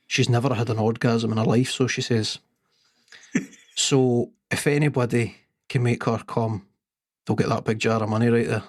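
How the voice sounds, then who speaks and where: A man, co-hosting a sports podcast and telling a long pub joke in an unhurried, deadpan way. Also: medium pitch, no room sound, clean studio sound. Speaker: podcast co-host.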